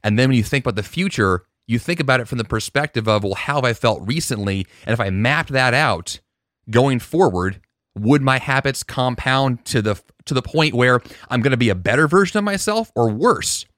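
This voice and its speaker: A man's voice: medium pitch, animated, moderate pace, a bit bright, no echo, clean studio sound. A man hosting his own podcast, talking in an earnest, reflective way with fillers and restarts. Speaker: podcast host. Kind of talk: casual solo podcast monologue.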